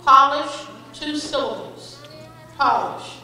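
A woman calling out words at a school spelling bee, giving each definition and a sample sentence in a slow, deliberate, clearly enunciated way, recorded from far off in an event hall. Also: high voice, fairly even intonation, sharp tone. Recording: echoey hall from far off with audience.

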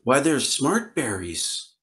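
A man voicing a wise, teasing old grandmother in a spoken folk tale, slow and gentle. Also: mid-range voice, big pitch swings.

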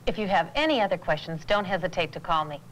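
A woman's voice: on the low side, lively intonation, fast talker, natural voice, poor audio. A woman playing a polite bank clerk. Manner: polite, service-minded phone manner. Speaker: bank employee answering customers. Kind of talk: 1980s educational film acting. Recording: faint hiss on an old tape transfer.

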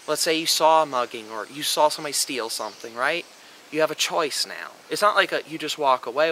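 A man's voice: on the high side, lively intonation, normal speed, pushed and bright, a little hiss or hum, low-quality recording. A young man delivering an emphatic, lecturing monologue on a vlog, swearing freely as he argues his point. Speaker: vlogger. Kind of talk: opinionated monologue.

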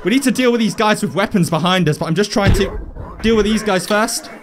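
A young man hosting a virtual reality game video, commentating excitedly and chatting playfully with his opponents. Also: high-pitched, a little fast, slight background noise. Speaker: gaming video host. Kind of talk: VR gameplay commentary.

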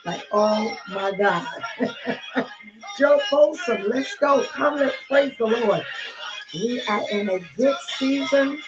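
Exuberant woman bishop, slow lo-fi stream. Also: on the high side. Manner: exuberant, calls out names, laughs often. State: teary and emotional. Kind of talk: livestream greeting to online congregation. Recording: dull lo-fi audio with music behind.

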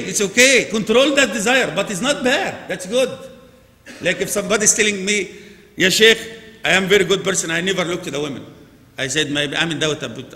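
Male imam, fairly high bright voice, loud urging then hushed asides, echoing mosque hall. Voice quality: non-native English with Arabic phrases. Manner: swings from loud emphatic urging to low quiet asides. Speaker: imam giving a Friday sermon. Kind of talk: sermon. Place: large mosque prayer hall. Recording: echoey mosque hall with long reverb.

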